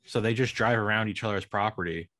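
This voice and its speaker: A man's voice: on the low side, quick pace, a bit bright, dry recording. A man in his thirties chatting casually as a podcast cohost, rambling and trailing off, laughing often, over a call mic. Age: 30s. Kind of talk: casual chat. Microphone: remote call mic.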